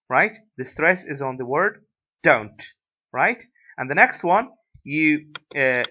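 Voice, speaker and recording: Slow, hesitant lecturer with an Iraqi accent. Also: male voice, medium pitch, lively intonation, bright, forceful tone. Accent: Iraqi Arabic. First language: Arabic. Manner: hesitant, many fillers, tag questions like "right?". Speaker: university English lecturer. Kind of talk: recorded lecture. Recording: dull lo-fi lecture recording.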